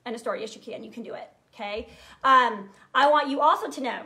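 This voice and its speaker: A woman in her thirties, a sales team leader, giving an energetic, earnest live training talk straight to her viewers. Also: on the high side, fast talker. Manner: energetic, earnest, fired up, talks directly to viewers.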